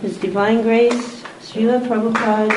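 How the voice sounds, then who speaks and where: A woman at a devotional gathering, reading aloud in a measured, formal way and then addressing the assembly. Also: fairly high pitch, steady tone, very noisy. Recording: echoey room.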